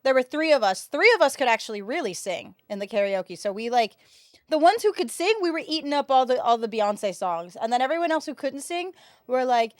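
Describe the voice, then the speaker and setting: Her voice sits high and she speaks a little fast: a 22-year-old US woman on a livestream, chatty and animated, telling stories to viewers in slangy, casual talk. The recording is dry and studio quality.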